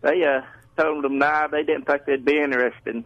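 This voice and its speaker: A man's voice: fairly high pitch, fairly even intonation, moderate pace, no echo. A man from Georgia calling a radio show, rambling and plain-spoken. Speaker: caller. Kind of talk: phone call-in story. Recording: muffled phone line.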